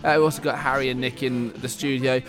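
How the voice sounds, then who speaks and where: A man hosting a sports radio show in the studio, chatting quickly and laughing with his co-hosts. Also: mid-range voice, fairly even intonation, fairly bright tone. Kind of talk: casual sports radio chat.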